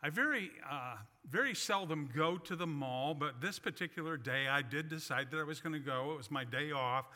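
A man's voice: a little high, moderate pace, few pauses, sharp tone. A man preaching a sermon, telling a personal story with folksy, self-deprecating humor. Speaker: pastor. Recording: long reverb of a large hall.

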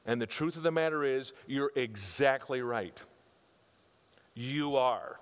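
Slow, clear, and resonant, the mid-range voice of an older male pastor fills a reverberant hall. He preaches in a conversational way, leaning on emphatic repetition and rhetorical questions aimed at his congregation.

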